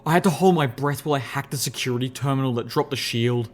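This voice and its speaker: A man giving a first-person audiobook narration in an expressive, measured storytelling voice. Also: mid-range voice.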